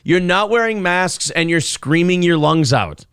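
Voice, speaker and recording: A man's voice: high-pitched, animated, unhurried, noisy background. A man hosting a streamed morning talk show, riffing sarcastically and laughing often.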